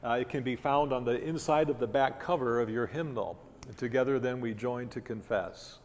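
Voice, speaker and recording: A man leading worship, reading scripture and liturgy aloud in a slow, measured way in a church. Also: mid-range voice, a little hiss or hum. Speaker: worship leader. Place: church sanctuary. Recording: reverberant church hall.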